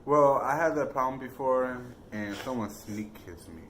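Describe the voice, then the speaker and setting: A man's voice: mid-range voice, moderate pace, a bit bright, a little hiss or hum. A man chatting casually and cutting in with blunt comments while someone tells a story. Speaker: co-host.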